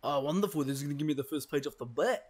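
A young man doing horror game commentary, swearing and mocking himself, jumping from low mutters to panicked yelps. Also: racing, darkish tone. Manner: jumpy, swearing, nervous self-mocking, shifting between muttering and panicked yelps. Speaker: gaming YouTuber.

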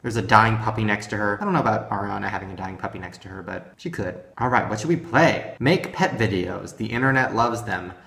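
Crude, sarcastic young man, gravelly. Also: on the low side, brisk, hardly any pauses. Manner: crude, sarcastic, swings to loud shrieks. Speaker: gaming video host. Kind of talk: comedic game commentary. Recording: echoey room with music behind.

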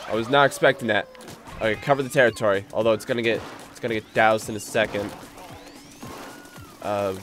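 Excitable man streaming a game. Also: mid-range voice. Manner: excitable, easily spooked, rambling. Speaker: gaming streamer. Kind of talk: live gameplay commentary.

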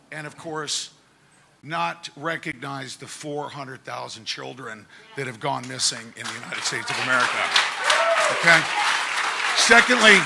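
A hoarse man from Ohio making an impassioned, emphatic statement as an audience member at a town hall meeting. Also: medium pitch, sharp tone. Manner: fired-up, emphatic, pushes his points hard.

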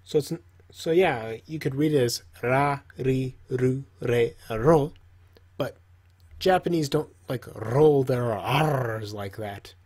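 A man's voice: medium pitch, slow pace, a little mellow, husky. A man casually teaching, joking and talking to himself while he draws. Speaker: language teacher. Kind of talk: casual tutorial while drawing.

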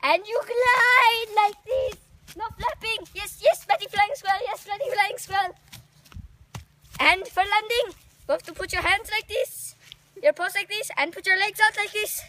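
A woman's voice: high voice, expressive, measured pace, long pauses, bright, forceful tone, slight background noise, heavily acted. A woman playing a chirpy flying squirrel teacher. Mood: excited. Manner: sing-song, encouraging, repeats praise. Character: eager female flying squirrel teacher at rodent school. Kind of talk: amateur comedic role-play.

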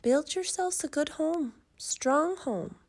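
A woman's voice: sits high, moderate pace, a little mellow. A woman voicing a loving old mother pig who sends her piglets off. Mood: tender.

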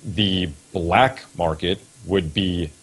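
Low-voiced man, hesitant and clarifying. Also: slow pace, fairly bright tone, breathy edge. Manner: hesitant, many restarts, clarifying. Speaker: podcast host. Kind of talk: casual discussion.

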